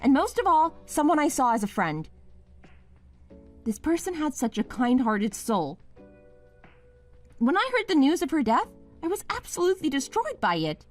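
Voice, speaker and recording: A woman's voice: sits high, sing-song, normal speed, pauses often, faint music behind. A woman voicing a wife named Mia in a scripted drama, pleading at first and then sharply accusing her husband.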